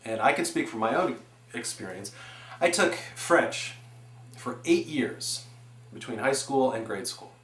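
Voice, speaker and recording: A man in his forties giving an earnest, animated presentation on education, building his points with examples. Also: medium pitch, normal speed. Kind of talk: explanatory presentation. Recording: echoey room.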